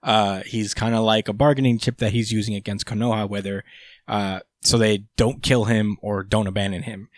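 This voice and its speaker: A man's voice: lowish voice, steady tone, moderate pace. A laid-back man talks through a casual recap, swearing freely and laughing often. His speech is loose and full of filler words. The recording is dry and close, with no room echo.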